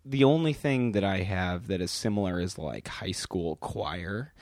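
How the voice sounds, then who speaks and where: A man's voice: low-pitched, measured pace, darkish tone, dry recording, clean studio sound. A man hosting a podcast who asks curious, rambling questions in casual chat. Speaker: podcast host.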